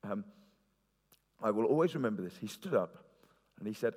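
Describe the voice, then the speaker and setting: A man's voice: lowish voice, animated, normal speed, pauses often, a little mellow, slightly rough. Man preaching in a reverberant hall. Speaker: pastor. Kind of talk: sermon.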